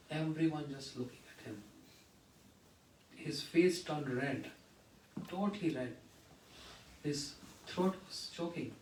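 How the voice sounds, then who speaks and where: A man giving a devotional talk in a temple hall, telling stories of his teacher in an earnest way and often dropping to a hushed voice. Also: mid-range voice, slight background noise. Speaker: speaker at a memorial gathering. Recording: echoey room, voice from far off the mic.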